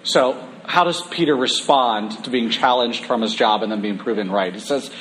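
A man preaching a conversational sermon, humorous at times and slowing down for emphasis. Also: medium pitch, fairly bright tone, a little hiss or hum.

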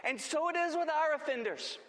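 A man preaching a sermon, telling the story dramatically and acting out the quoted lines, swinging between booming and hushed. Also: animated, a little fast. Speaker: pastor. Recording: long hall reverb.

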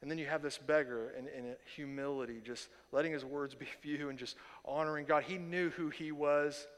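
A man preaching a sermon as pastor, animated and often repeating words as he builds a point. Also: fairly high pitch, normal speed, big-room sound. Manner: animated, repeats words when excited, self-correcting.

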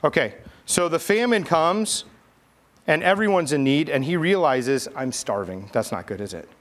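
With a fairly high, expressive voice at a moderate pace, a pastor delivers a children's message. He tells the Bible story playfully and chattily, coaxing and directing the kids who volunteer.

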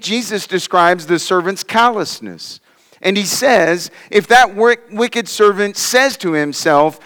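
A man preaching verse by verse through a passage, his smooth, resonant voice pitched a little high. He swings between loud emphasis and hushed drops, and the sound rings with a long reverb from a large hall. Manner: expository preaching, reading and explaining scripture verse by verse; dramatic swings in pitch and loudness, voices scoffers mockingly. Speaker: pastor. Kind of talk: sermon.

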